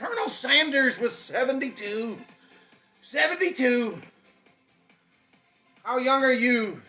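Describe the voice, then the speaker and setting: A man's voice: very high-pitched, animated, slow pace, bright, forceful tone. A man giving a fiery, preachy motivational speech as a fitness coach, hammering points home with repetition. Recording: dull lo-fi audio with faint music.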